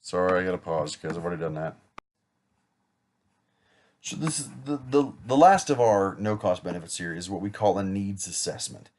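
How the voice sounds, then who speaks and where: Low-voiced man rehearsing a sales pitch. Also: animated, normal speed, darkish tone. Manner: casual, chatty, self-correcting with small jokes. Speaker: insurance agent rehearsing a client pitch. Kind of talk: practice sales role-play.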